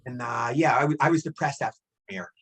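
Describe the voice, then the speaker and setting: A man being interviewed as a guest actor, telling stories in a fast, excitable way and acting out the quotes. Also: medium pitch, slightly rough, low-quality recording. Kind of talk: animated storytelling.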